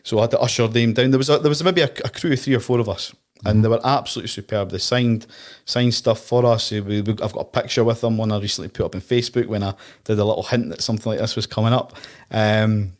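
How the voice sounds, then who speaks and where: Scottish podcast host, rapid chatty storyteller with a lowish voice, easygoing banter. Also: male voice, steady tone, darkish tone. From East of Scotland. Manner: chatty storyteller, quick anecdotes. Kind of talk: casual chat.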